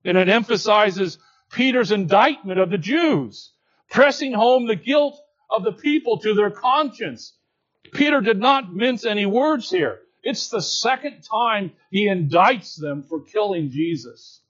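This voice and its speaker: A man with a high voice preaches a careful expository sermon at an unhurried pace. He sinks into hushed low passages and then climbs back to emphatic declarations. The recording is muffled and lo-fi. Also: lively intonation. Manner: deliberate, swings between hushed low tones and raised emphatic lines.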